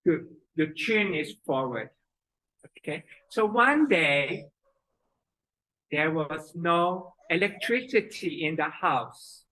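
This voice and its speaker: Slow-talking woman teaching kids' yoga. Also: low voice, lively intonation, fairly bright tone, rough recording. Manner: slow, halting, with fillers. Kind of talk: breathing exercise lesson and storytelling.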